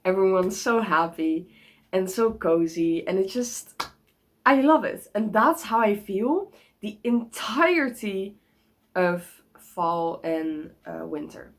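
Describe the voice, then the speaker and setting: A woman's voice: mid-range voice, expressive, takes it slowly, poor audio. A young woman talking casually in a home vlog, bubbly and rambling, with lots of giggles and restarts. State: sick. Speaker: vlogger.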